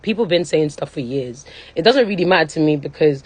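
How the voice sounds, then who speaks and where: This young livestreamer speaks fast with few pauses, her deep voice darkish, breathy-edged, and lively in intonation. Chatting casually on her phone stream, she's emphatic, keeps checking on her listeners, and says "you know what I'm saying" again and again.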